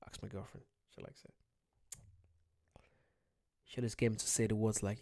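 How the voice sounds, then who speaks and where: Mellow-voiced young Irish man streaming. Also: lowish voice, level tone, measured pace, creaky. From Ireland. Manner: rambling, reads viewer comments aloud and jokes about himself. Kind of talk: casual livestream chat.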